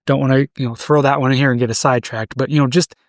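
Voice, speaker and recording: A man's voice: mid-range voice, steady tone, rapid-fire, no room sound, studio quality. Man talking through a solo podcast. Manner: conversational, repeats "right?" and restarts. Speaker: podcast host.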